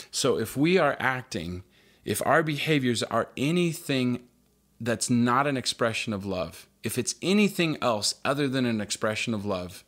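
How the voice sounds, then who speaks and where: A man's voice: medium pitch, fairly bright tone. A man in his thirties preaching a sermon, earnest and conversational, with light humor and key phrases repeated for emphasis. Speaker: pastor.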